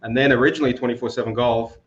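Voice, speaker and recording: A man in his forties, from Moldova, with an Australian accent, talking as a podcast guest in a relaxed, hesitant way with many fillers. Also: medium pitch, racing. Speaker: podcast guest, business founder. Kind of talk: casual interview chat. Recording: dull lo-fi audio.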